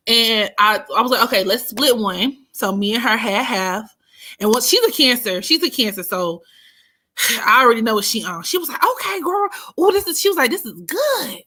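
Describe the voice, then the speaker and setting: Animated, bright-voiced woman telling stories. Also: on the high side. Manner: animated, profane, laughs often. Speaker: astrology streamer. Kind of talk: casual storytelling chat.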